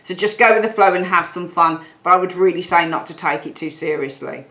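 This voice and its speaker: A woman's voice: on the low side, a little fast, fairly bright tone. Chatty woman reading tarot. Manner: chatty, direct, repeats phrases for emphasis. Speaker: tarot reader.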